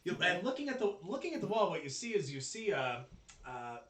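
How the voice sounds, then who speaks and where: A man running a tabletop game as game master, talking casually, swearing a lot and pausing on fillers. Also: high voice. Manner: profane, excitable, hesitant with fillers. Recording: echoey room, distant mic.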